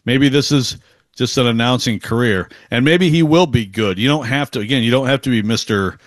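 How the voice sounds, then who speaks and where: A man's voice: mid-range voice, fairly quick, no room sound. Chatty man from Western Michigan on sports radio. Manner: chatty, rambling with restarts. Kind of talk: casual sports talk. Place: radio studio.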